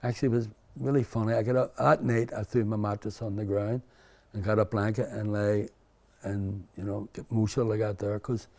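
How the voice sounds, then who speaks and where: Candid and rambling, an older man from Belfast, Northern Ireland, recounts his story in an interview, full of restarts and "you know." His Belfast-accented voice is on the low side and warm, fairly quick, with little pitch movement.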